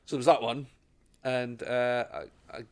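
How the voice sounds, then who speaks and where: Speaking at a moderate pace in a level, mid-range voice, this middle-aged comic chats casually. His anecdotes wander, he keeps starting over, and he imitates the people he quotes.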